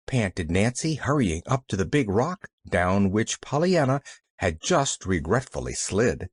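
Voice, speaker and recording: Expressive audiobook narrator, dry sound. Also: low-pitched, measured pace, slightly rough, dry recording. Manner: expressive storytelling. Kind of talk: scripted narration.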